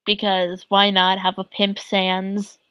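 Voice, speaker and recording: A woman's voice: mid-range voice, monotone, slow pace, pushed and bright, clear, resonant tone, no echo, rough recording. A woman streamer chatting casually, giggly and gushing, a little flustered. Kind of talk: casual live-stream chat.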